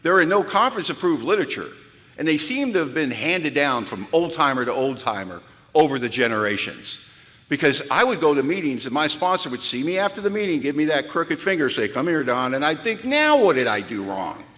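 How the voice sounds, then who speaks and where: A man giving a humorous storytelling talk at a large event, animated and comic, acting out the voices in his stories. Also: fairly high pitch, fairly quick. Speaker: recovery speaker. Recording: live talk in a reverberant hall.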